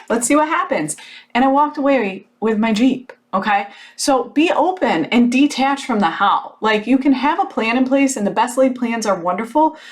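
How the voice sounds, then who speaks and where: A woman in her thirties hosting a podcast, telling a personal story in a casual motivational monologue, animated and frank, with plenty of fillers and the odd swear word. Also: on the high side. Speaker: podcast host.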